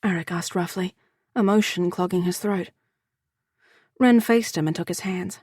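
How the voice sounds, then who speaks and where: A woman narrator reading a fantasy romance audiobook in a measured, even way. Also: on the low side, husky, dry recording, studio quality. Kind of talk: scripted narration.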